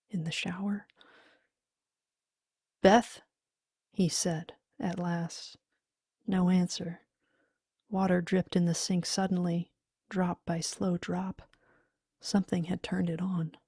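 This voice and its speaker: A woman reading a horror story in a hushed, half-whispered voice. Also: on the low side, slightly rough, no room sound, studio quality. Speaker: audiobook reader. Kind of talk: scripted horror narration.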